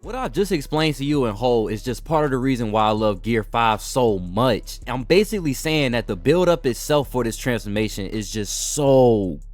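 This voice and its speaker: A man's voice: medium pitch, expressive, normal speed, hardly any pauses, soft background music. A young man hosting an anime commentary channel, narrating a scripted video essay in a casual, enthusiastic way with slangy asides.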